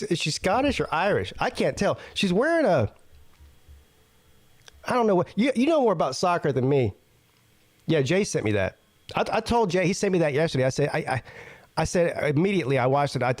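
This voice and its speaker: A male host of a live sports talk show with a slightly high, very lively voice. He chats loosely, stumbling over restarts. His voice sounds dry and close. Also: brisk, no room sound. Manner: chatty, stammers and restarts, laughs often. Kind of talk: casual live-stream chat.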